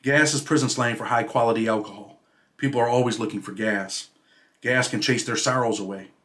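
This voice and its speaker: A man reading aloud from his own memoir about prison life, in a steady storytelling way. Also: mid-range voice, a little fast. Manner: steady storytelling read, dropping quieter at sentence ends.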